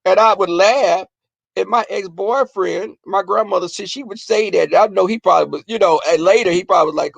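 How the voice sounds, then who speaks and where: A man telling comic family stories on his vlog, animated and profane, often breaking into laughter. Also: sits high, brisk, creaky, no echo. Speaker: vlogger. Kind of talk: comic storytelling.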